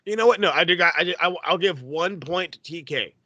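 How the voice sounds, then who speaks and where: A man co-hosting a wrestling podcast in casual, profane chat, with animated rants. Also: a little high, brisk, no echo. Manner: animated, profane, loud mocking impressions. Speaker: podcast co-host.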